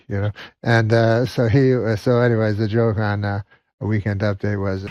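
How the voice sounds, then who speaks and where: A man telling jokes in a rambling, deadpan way, full of "you know" asides, in stand-up and talk show anecdotes. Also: on the low side, brisk. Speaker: comedian.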